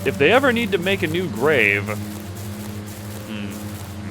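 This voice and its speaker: Animated young man streaming a game. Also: on the high side, slow, pauses often. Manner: animated, joking, talks to himself. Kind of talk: let's-play commentary. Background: game music.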